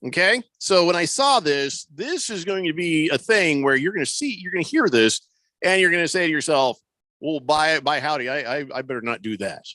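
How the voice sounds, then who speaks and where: A man's voice: fairly high pitch, animated, moderate pace, pushed and bright, no room sound. A man hosting a sports radio show, giving joking, mock-authoritative advice in casual studio banter.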